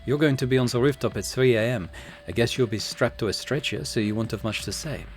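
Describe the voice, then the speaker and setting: A man's voice: medium pitch, brisk, faint music behind, natural voice. A man voicing a blunt, bossy woman crew member with a put-on Atlanta accent, reading game dialogue aloud. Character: tough woman crew member with a Southern drawl.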